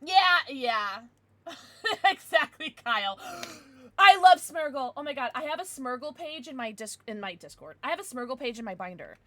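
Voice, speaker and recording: A young adult woman streamer chatting casually with her viewers, with excited outbursts. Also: fairly high pitch, normal speed, a little hiss or hum. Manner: chatty, answers viewers, bursts of excited squeals. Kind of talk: casual live-stream chat.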